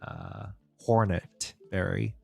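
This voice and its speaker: Man, indie game dev live stream, slow easygoing talk, dry close mic, faint chill music behind. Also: low-pitched, huge pitch swings, creaky, breathy edge, no room sound. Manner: thinks aloud, chats with viewers, chuckles often. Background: soft background music.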